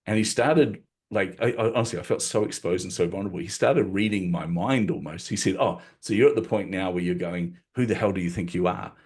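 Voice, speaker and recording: A man who is a podcast guest, telling a story in a lively way and laughing often. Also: low-pitched, fairly quick, few pauses, slightly rough.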